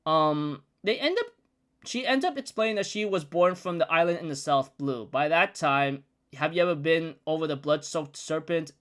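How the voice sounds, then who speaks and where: Chatty young man with a high voice. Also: moderate pace, a bit bright, smooth. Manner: chatty, rambling storytelling with frequent "like". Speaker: manga recap vlogger. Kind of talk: casual chapter recap.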